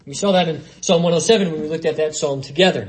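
A man's voice: fairly high pitch, fast. A man preaching an expository sermon, conversational, with frequent asides to the congregation.

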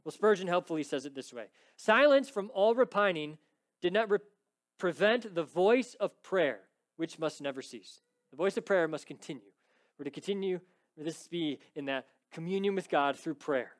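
A pastor gives an expository sermon in a high-sitting voice with lively intonation and a moderate pace. He is emphatic, rising to pleading intensity when quoting scripture. He frequently checks in with the congregation by asking "right?"

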